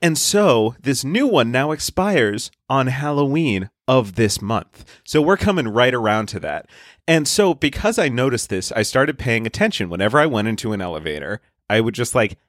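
A man co-hosts a casual comedy podcast, narrating with fussy, exact detail. His pitch moves around a lot. The recording is dry and close. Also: fairly bright tone, no room sound. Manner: slow, overly precise storytelling. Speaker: podcast co-host.

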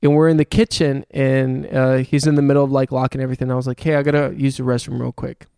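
A man's voice: medium pitch, little pitch movement, quick pace, gravelly, dark tone, clear, resonant tone, dry recording, studio quality. A young man telling a long story in casual chat, swearing often and laughing as he goes.

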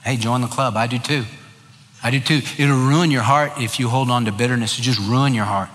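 A man's voice: mid-range voice, a little fast, a bit bright, long reverb tail. A male pastor preaching a sermon, emphatic and repeating key phrases for weight.

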